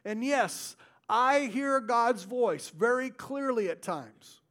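A man preaching a sermon as pastor, his delivery swinging between loud stresses and hushed, intimate asides. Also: very high-pitched, lively intonation, takes it slowly.

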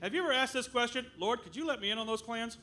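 A middle-aged man preaching a sermon as a missionary, telling stories with loud bursts. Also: extremely high pitch, quick pace. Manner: animated storytelling with loud bursts.

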